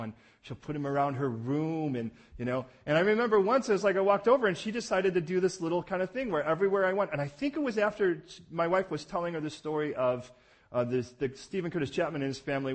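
A man in his thirties preaching a sermon, telling stories in an animated way and acting out voices, going from hushed to loud. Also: on the high side. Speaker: pastor.

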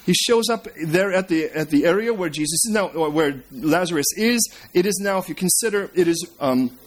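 A man preaching a sermon, retelling scripture as a story and swinging between emphatic and hushed delivery. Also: high voice, expressive, normal speed. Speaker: pastor.

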